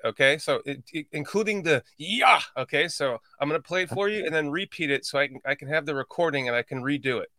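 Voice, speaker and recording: A male host runs a loose podcast chat, teasing his guest and swearing casually. His voice sits a little high and is recorded dry and close. He keeps the banter going with jokes and playful challenges. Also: fairly bright tone, no room sound.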